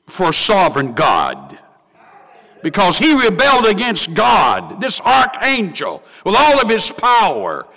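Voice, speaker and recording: A man's voice: high voice, bright, forceful tone, in a large hall. A man preaching a sermon, dramatic and emphatic, repeating lines for effect.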